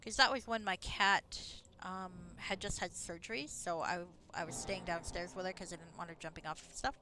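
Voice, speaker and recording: A woman's voice: on the low side, moderate pace, pushed and bright, slight background noise. A woman streaming a game, chatting casually and rambling with frequent laughs. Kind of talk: casual gameplay commentary. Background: game music.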